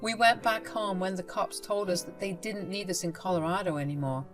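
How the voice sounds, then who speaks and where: A woman narrating a personal story in a plain, steady way. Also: mid-range voice, fairly quick, music in the background.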